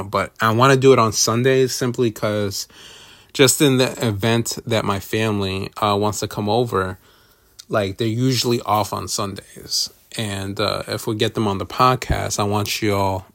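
Solo podcast host, man, lower voice, dry close sound, crude and rambling. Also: fairly bright tone, no room sound. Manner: profane, rambling, self-deprecating.

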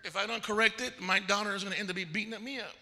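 A male pastor preaching in a big conference hall, his voice pitched high for a man and strikingly bright and forceful. His delivery is animated, and he slips into the voices of the people in his stories. A long reverb trails every phrase. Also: very fast. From Texas. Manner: animated storytelling, acting out quoted voices. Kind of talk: conference sermon.

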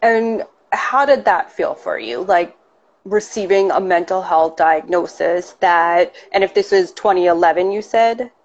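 A woman's voice: lowish voice, measured pace, lo-fi sound. A woman in a casual conversation who asks questions and keeps checking in with "right" and "you know.".

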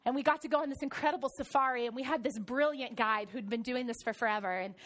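High-voiced woman pastor preaching. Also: fast talker. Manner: animated storytelling, swings from soft to loud. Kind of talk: sermon.

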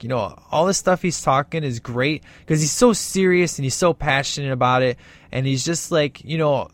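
A man's voice: on the high side, steady tone, normal speed, dry recording. Enthusiastic rambling man, dry sound. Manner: enthusiastic and rambling, acting out quoted lines. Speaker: movie reviewer. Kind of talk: casual movie commentary.

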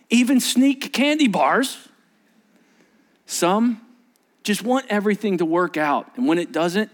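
A male pastor preaching a sermon with a fairly high, very lively voice. He swings hard between low, quiet explanation and sharp, raised bursts when he reads scripture aloud.

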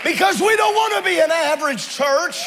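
Very high pitched guy preaching loud in church, shouting a lot, faint crowd and hum behind him. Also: normal speed. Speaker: pastor. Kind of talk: fiery apostolic sermon. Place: church sanctuary with congregation.

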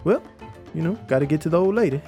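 A man's voice: a little high, animated, quick pace, warm tone, faint music behind. A man voicing a small anxious male spider in a campfire fable, in a raised, nervous voice. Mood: fretful.

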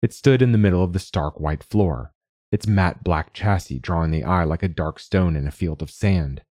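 A man narrating a short story in a steady, measured way. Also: low-pitched, no echo, clean studio sound. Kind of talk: scripted narration.

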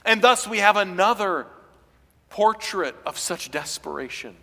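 A man preaching a sermon as pastor, building to loud, impassioned passages as he voices pleading figures. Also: high-pitched, moderate pace, long reverb tail. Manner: preaching with rising intensity, voicing quoted pleas loudly.

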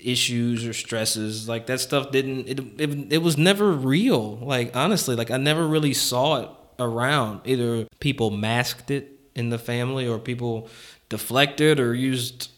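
A man's voice: mid-range voice, unhurried, fairly bright tone. Chuckling man telling a candid story. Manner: candid storytelling, heavy on "like" fillers, chuckling often. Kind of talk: casual chat.

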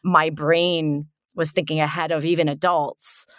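Chatty low-voiced woman podcast host. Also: little pitch movement, unhurried, a bit bright, dry recording, studio quality. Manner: chatty, laughs often, restarts sentences. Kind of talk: casual conversational storytelling.

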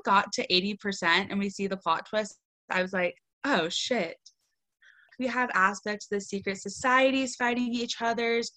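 A woman co-hosting a podcast, reviewing a book in animated casual chat and swearing freely. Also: medium pitch. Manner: animated, swears freely, quotes lines in a dry deadpan.

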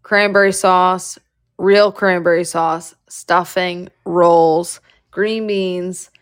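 A woman's voice: fairly low pitch, steady tone, extremely slow, clean tone. A woman hosting a casual chat, rambling with lots of "like" and casual swearing. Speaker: host.

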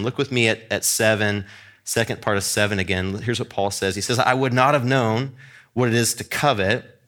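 A man's voice: mid-range voice, a bit bright. A man preaching a sermon in an earnest, emphatic way, often restarting his words as he builds a point.

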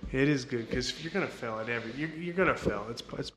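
A man's voice: mid-range voice, fast talker, fairly bright tone, slight background noise. Rambling man talking jiu-jitsu. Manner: rambling, repetitive, restarts often. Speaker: interview guest, jiu-jitsu coach. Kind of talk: casual interview talk.

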